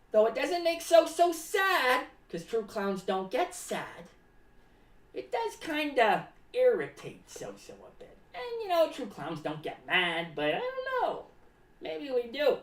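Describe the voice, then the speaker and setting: An excitable clown , as a woman puts on, who rambles from one idea to the next and talks about herself in the third person. The voice sits high and leaps up and down in pitch. It sounds roomy and a little distant from the mic. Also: exaggerated voice. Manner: rambling, jumps between topics, sudden shouts and drops. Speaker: clown character host. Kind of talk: improvised comic monologue. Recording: roomy echo, away from mic.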